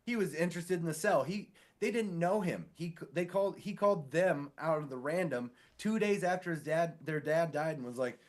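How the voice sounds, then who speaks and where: Animated man telling a story. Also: on the high side, moderate pace, few pauses. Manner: animated, acts out quoted voices. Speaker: podcast co-host; sewer inspector. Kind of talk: casual storytelling chat.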